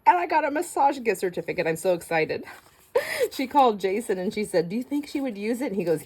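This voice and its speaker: A middle-aged woman chatting her way through a craft session. Her voice sits at an ordinary middle pitch. She gushes over little things and trips over her words as she talks to her viewers. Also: sing-song, fast, darkish tone, breathy edge, low-quality recording. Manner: chatty and gushing, with frequent laughs and restarts. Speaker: craft channel host. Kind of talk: casual crafting vlog chat.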